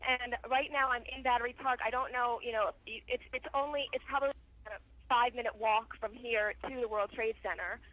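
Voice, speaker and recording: A shaken woman eyewitness, describing events live over the phone in halting speech with many restarts. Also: a little high, fairly even intonation, fairly bright tone. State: shaken, stuttering. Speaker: eyewitness caller. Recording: phone line.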